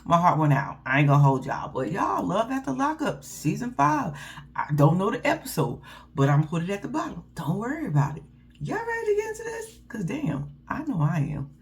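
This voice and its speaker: A woman, giving a casual, loud and profane recap of a reality show and laughing often. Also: mid-range voice, wildly swooping pitch, brisk.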